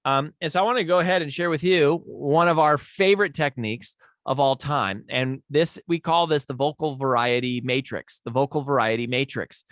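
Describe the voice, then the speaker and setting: A man's voice: mid-range voice, normal speed, few pauses, a bit bright, no room sound, clean studio sound. A male podcast host explaining a speaking technique in a conversational teaching manner, often checking in with his listeners.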